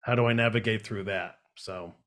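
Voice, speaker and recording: A man's voice: on the low side, steady tone, normal speed, fairly bright tone. A man hosting a live stream, chatting casually and rambling with lots of fillers. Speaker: host of a live channel.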